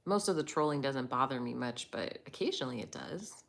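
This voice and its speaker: A woman's voice: rumbling low, expressive, fairly quick, gravelly, slight background noise. A woman hosting a casual live chat, greeting viewers by name and laughing often as she talks. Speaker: livestream host.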